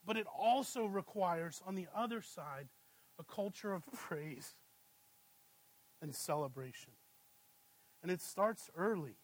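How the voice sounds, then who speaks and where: High-voiced man preaching a sermon. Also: unhurried, long pauses, dry recording, rough recording. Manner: conversational, asks "right?" often, animated when storytelling. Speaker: pastor. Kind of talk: sermon with family anecdotes.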